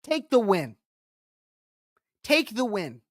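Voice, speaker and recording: A woman's voice: mid-range voice, sing-song, slow pace, no echo, clean studio sound. A woman political commentator reacting to a speech clip, talking in an emphatic, repetitive and combative way.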